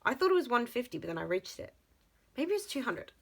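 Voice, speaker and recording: Excitable chatty woman vlogger. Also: a little high, fast, gravelly, slightly rough, low-quality recording. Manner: excitable and chatty, with frequent gasps and exclamations. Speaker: budgeting vlogger. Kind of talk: casual vlog chat.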